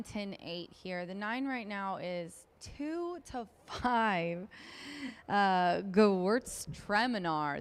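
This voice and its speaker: Smooth-voiced woman handicapping a race. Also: mid-range voice. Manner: chatty and upbeat, with frequent ums. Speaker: racetrack handicapper. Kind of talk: race preview analysis.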